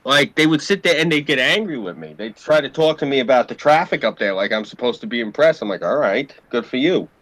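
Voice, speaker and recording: A man's voice: mid-range voice, animated, quick pace, hardly any pauses, a bit bright, dry recording. A man with a New York accent, casually telling rambling, profane stories as a podcast host. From New York City area. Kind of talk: casual storytelling chat.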